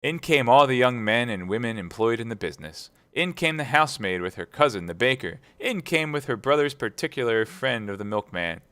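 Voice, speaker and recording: A man reading a classic novel aloud at speedrun pace, brisk and steady. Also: mid-range voice, clear, resonant tone, no room sound. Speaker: reader.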